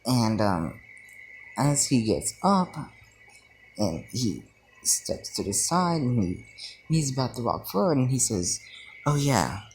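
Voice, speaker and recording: A man's voice: medium pitch, very animated, slow, long pauses, slight background noise. A young man casually telling a fan story, rambling with fillers and slang.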